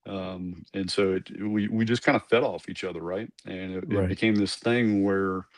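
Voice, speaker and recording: A man's voice: sits low, fairly even intonation, moderate pace, no echo. A man, a former Army commander, telling his story in a casual interview, rambling with asides and restarts.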